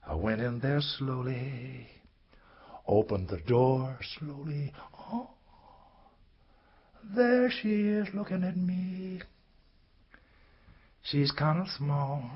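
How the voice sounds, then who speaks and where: An older man performing a story in rhythmic, sing-song spoken word, swinging from loud cries to hushed whispers. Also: mid-range voice, husky. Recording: dull lo-fi recording with faint noise.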